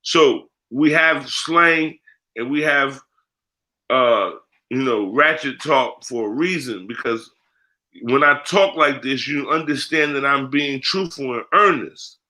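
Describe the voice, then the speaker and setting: He talks slowly in a medium-pitched voice that is bright and forceful. The man, an American spiritual priest appearing as an interview guest, speaks candidly and bluntly with heavy profanity and street slang.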